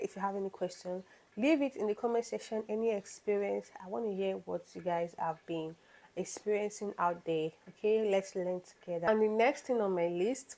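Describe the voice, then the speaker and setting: A young woman talks straight to her viewers in a casual vlog, blunt and insistent. She scolds like a protective big sister and hammers each point home by saying it again. Her pitch sits in a middle range. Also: mellow, rough recording. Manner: repeats points for emphasis. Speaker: beauty and hygiene vlogger. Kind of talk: casual advice chat to camera.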